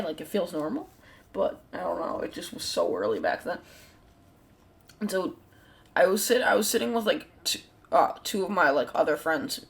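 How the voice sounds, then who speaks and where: A woman hosting her own channel, telling a story in a casual, rambling way, full of "like" fillers and the odd swear word. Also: fairly low pitch. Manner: rambling, heavy use of "like" fillers. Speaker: channel host.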